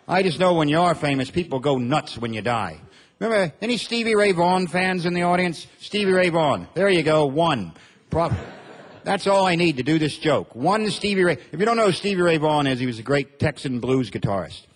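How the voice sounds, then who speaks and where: A man from Montana performing a stand-up comedy set on stage, with a deadpan, drawling delivery. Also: a little high, brisk. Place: comedy stage before an audience.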